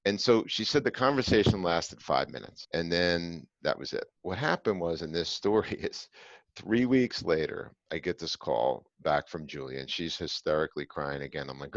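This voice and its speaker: A man's voice: low-pitched, expressive, moderate pace, no echo, muffled recording. A man hosting a podcast, telling a personal story to his co-host in an earnest, emphatic way with filler "uh"s.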